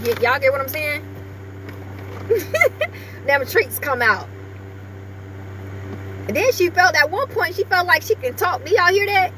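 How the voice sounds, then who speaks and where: A woman's voice: high voice, moderate pace, long pauses, sharp tone, a little hiss or hum. A woman vlogger chatting casually with her viewers and breaking off now and then to talk to her small dog.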